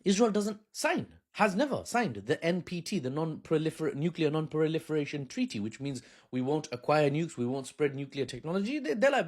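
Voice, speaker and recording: A man's voice: a little high, very animated, normal speed, darkish tone. A man giving casual political commentary in a sarcastic, mocking way, with chatty slang.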